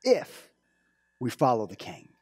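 Male pastor, lively up-and-down delivery, dry close sound, informal church sermon. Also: medium pitch, slow pace, breathy edge, no echo. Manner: informal, animated storytelling with many restarts. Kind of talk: conversational sermon.

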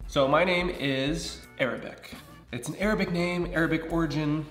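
A man in his thirties from Southern California talks through a casual personal vlog in a candid, chatty way. His voice sits a little high for a man. The recording carries a noticeable room echo. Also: normal speed, fairly bright tone, soft background music. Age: 30s. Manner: chatty, candid, acts out other people's lines. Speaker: vlogger.

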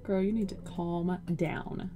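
A woman's voice: fairly low pitch, steady tone, slow pace, background noise. A young woman giving casual, profane, joking commentary over a life-simulation game and talking to her character. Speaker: gaming video host.

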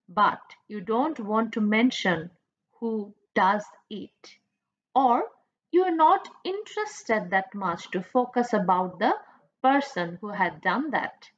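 A woman's voice: a little high, lively intonation, slow pace, highs cut off. A woman college English teacher with a Bangladeshi accent, giving a recorded lecture and explaining grammar patiently, asking questions and repeating her points. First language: Bengali.

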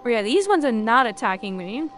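A woman's voice: fairly high pitch, sing-song, a little fast, fairly bright tone, a little hiss or hum. A woman streamer chatting casually and rambling jokingly to viewers while she plays a game. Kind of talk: casual gameplay chat.

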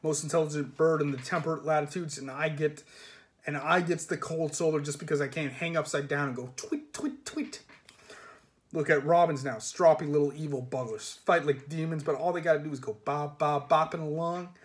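A man's voice: a little high, steady tone, moderate pace, natural voice. A man doing a grumpy boastful raven. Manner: rough, complaining. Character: grumpy male raven, boastful and rough-spoken.

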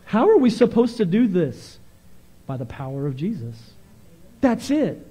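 A male pastor preaching a fervent, animated sermon, moving between loud bursts and quieter stretches. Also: high-pitched, a little slow, breathy edge.

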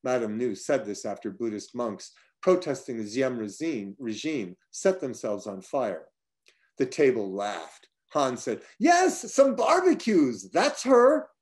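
A man's voice: fairly low pitch, animated, measured pace, a little mellow. Man reading his own prose, dry and wry. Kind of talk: reading personal prose aloud.

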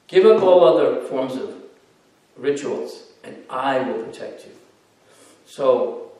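A man telling devotional stories to an audience, animated, slipping into character voices. He sounds far from the mic, and a heavy echo rings through the hall around him. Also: medium pitch. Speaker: lecturer. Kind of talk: devotional storytelling lecture. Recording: echoey hall, distant mic.

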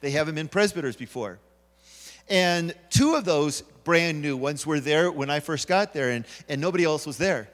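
A man with a high voice preaches in a church, telling stories and acting out each character's lines. The sanctuary gives his voice a long, ringing reverb. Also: moderate pace. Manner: storytelling, acting out quoted voices. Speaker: pastor. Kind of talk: sermon.

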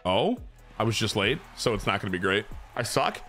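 A man's voice: lowish voice, very animated, brisk, fairly bright tone, faint music behind. A young man streaming a baseball video game, cheering, groaning and swearing at each play while talking to his chat. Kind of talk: casual gameplay commentary to chat.

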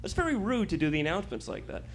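Stand-up guy, kinda high gravelly voice, jumps all over the place pitch-wise. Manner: animated storytelling with quick asides. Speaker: stand-up comedian. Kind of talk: stand-up routine.

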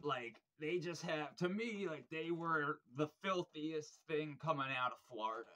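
A man's voice: a little high, measured pace, sharp tone. A young man hosting a record review vlog, rambling in casual chat with lots of fillers and swearing, getting keen about the music. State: frustrated while searching his shelves.

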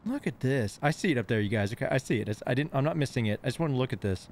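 Talking very fast with lively intonation, this mid-pitched man streams a game live against slight background noise. Missing front teeth from recent dental work give him a mild lisp, and the painkillers leave him giggly, distracted, and rambling through his commentary.

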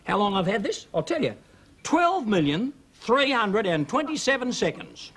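Bumbling boastful Australian guy, stammering, high bouncy voice, noisy clicking old tape. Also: big pitch swings, normal speed. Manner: blurting, stammering, cheeky. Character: dim, boastful, bumbling middle-aged man. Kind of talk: 1980s studio sitcom acting.

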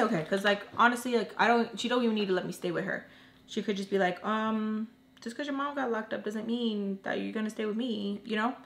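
A woman's voice: medium pitch, a bit bright. A young woman telling a personal storytime while doing her makeup, chatting casually with her viewers. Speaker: vlogger. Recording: roomy echo.

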